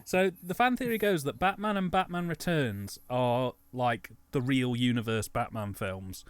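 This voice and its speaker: A man's voice: mid-range voice, expressive, a little slow, smooth, no room sound. A man co-hosting a casual film commentary, laughing often and talking with animation. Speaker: commentary co-host.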